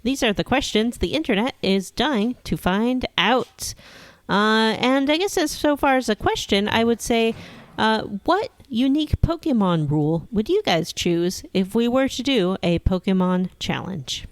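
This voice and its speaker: A woman's voice: on the high side, lively intonation, measured pace, dry recording. A woman co-hosting a casual gaming podcast, dry and amused, reading listener mail aloud.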